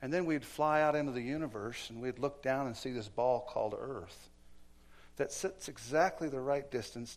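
In a church, a man with a medium-pitched voice preaches a sermon, telling stories with acted-out quotes and swinging between loud and hushed delivery.

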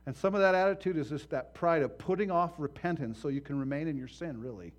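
A man's voice: fairly high pitch, quick pace. Impassioned male preacher, rising and falling. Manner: impassioned, swings from hushed to loud; acts out voices in stories. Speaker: pastor. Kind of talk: sermon.

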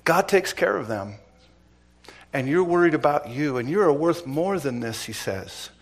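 A middle-aged man preaching as pastor, asking the congregation pointed questions and swinging between loud emphasis and quiet asides. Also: fairly high pitch, lively intonation, moderate pace. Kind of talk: sermon.

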